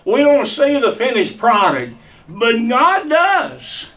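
Man preaching, high voice, slow delivery, emphatic repetition, heard from a distance. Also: wildly swooping pitch, a bit bright. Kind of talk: sermon.

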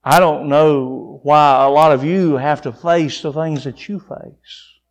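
High-voiced, slow preaching man. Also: steady tone, highs cut off. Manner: swings between soft low passages and raised, pleading peaks; repeats phrases for emphasis. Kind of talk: sermon.

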